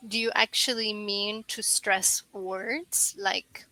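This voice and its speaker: A woman tutoring over a video call, explaining pronunciation patiently and clearly and often checking with "right?". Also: mid-range voice, steady tone, takes it slowly, bright, forceful tone, low-quality recording. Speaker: English tutor. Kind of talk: online English lesson.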